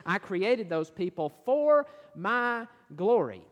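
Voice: mid-range voice, very animated, slow, long reverb tail, muffled recording. A preacher giving a sermon, asking the listeners questions and reading and explaining scripture verses. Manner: asks the listeners rhetorical questions.

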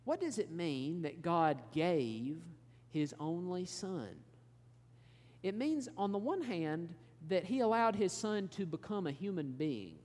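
A man preaching a sermon, explaining scripture in an earnest, measured teaching manner. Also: sits high, very animated, a little mellow. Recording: long hall reverb.

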